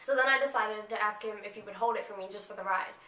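A woman's voice: medium pitch, fast talker, pushed and bright. A young woman from North Carolina, chatty, laughing often and filling her talk with "you know" as she tells a story to her camera. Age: young adult. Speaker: vlogger. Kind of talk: casual storytime vlog. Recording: echoey home room.

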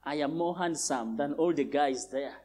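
A man putting on the voice of a boastful, self-important young male churchgoer, lower and quieter than his own preaching voice. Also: normal speed, close to an everyday voice.

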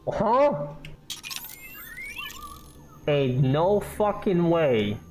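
A man giving casual, joking gameplay commentary, swearing and reacting loudly while he plays. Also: on the high side, big pitch swings, extremely slow. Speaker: gaming YouTuber. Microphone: scuffed mic. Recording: game music behind.

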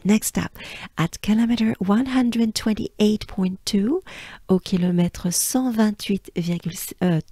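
A French woman with a French accent gives a very slow, patient pronunciation lesson. She repeats each syllable in a mellow, warm voice and encourages the listener. The recording is dry and close. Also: fairly low pitch, no echo. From France. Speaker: pronunciation coach.

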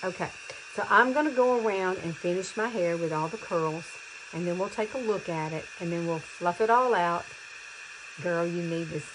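A woman over fifty chatting excitedly to viewers as she curls her hair, in a casual tutorial. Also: lowish voice, normal speed, background noise. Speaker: beauty vlogger.

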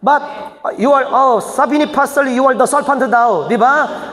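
High-voiced man preaching in echoey hall. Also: normal speed, a bit bright. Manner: choppy non-native phrasing, emphatic bursts. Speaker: senior pastor. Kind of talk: teaching seminar sermon.

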